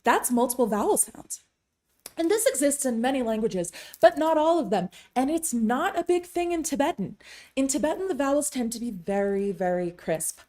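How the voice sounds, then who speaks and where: Teaching Tibetan sounds to camera, a woman with English as her first language speaks in a mellow, high-pitched voice with lively intonation. A teacher and interpreter, she keeps the lesson casual, chatty and a bit wry, slowing down to demonstrate crisp vowels.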